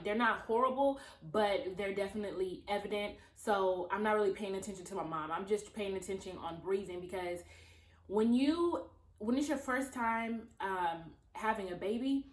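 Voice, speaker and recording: A young woman from Los Angeles telling a personal story in casual storytime chat, talking to viewers like friends and acting out the voices she quotes. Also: mid-range voice. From Los Angeles, USA. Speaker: vlogger. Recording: roomy echo.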